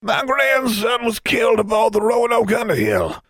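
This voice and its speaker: A man's voice: extremely high pitch, huge pitch swings, normal speed, fairly bright tone, no room sound, voice pushed up, exaggerated voice. A man voicing a hateful, very old male wizard who speaks in a dry, conversational tone. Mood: contemptuous.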